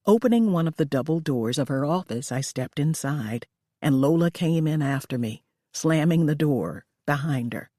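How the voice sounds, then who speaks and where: An audiobook narrator reading a first-person thriller in a measured storytelling way. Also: medium pitch, expressive, dark tone, no echo. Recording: dry close recording.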